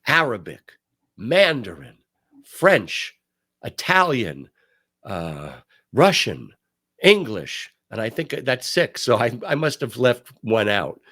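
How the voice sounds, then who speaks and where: An older man hosting a talk show, telling stories and giving commentary in an emphatic, animated way. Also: mid-range voice, takes it slowly. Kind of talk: casual commentary.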